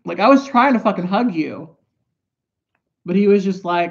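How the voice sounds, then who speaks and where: Woman vlogger at home: casual, foul-mouthed storytelling with drifting asides, mid-pitched voice, muffled lo-fi audio. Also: lively intonation, brisk. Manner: rambling and profane, drifting into asides while doing makeup.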